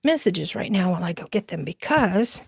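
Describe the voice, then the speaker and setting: With a low, gravelly voice that swings widely in pitch, slightly rough yet a little mellow, this Southern woman in her forties chats at a normal speed. She walks through her house during a late-night crafting livestream, rambling, laughing a lot and addressing viewers. The recording is dry.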